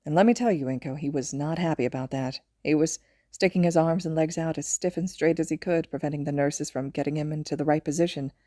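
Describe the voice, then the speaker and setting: A woman voicing a tender young father who speaks softly and haltingly, in a podfic reading. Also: low-pitched, no echo, clean studio sound, natural voice. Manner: soft-spoken, halting, affectionate.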